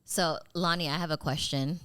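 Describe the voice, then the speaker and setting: A chatty woman hosts a casual podcast with a notably low voice. She talks loosely, full of fillers, often breaking into laughs. Her voice sounds dry and close, with no room around it. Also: fairly even intonation, normal speed, a bit bright, clean tone, no room sound. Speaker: podcast host. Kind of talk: casual chat.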